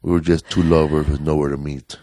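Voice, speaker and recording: A man's voice: extremely low pitch, little pitch movement, brisk, dark tone, no room sound, clean studio sound. A man hosting a podcast, talking candidly and joking between heavier moments. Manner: joking, candid, drifts into heavy talk. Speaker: podcast host. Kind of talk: casual chat.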